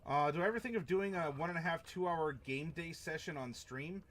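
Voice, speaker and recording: This man hosts a tabletop role-playing live stream, and his voice is a little high, brisk, and fairly bright. He chats casually and rambles, chuckling as he reacts to the chat.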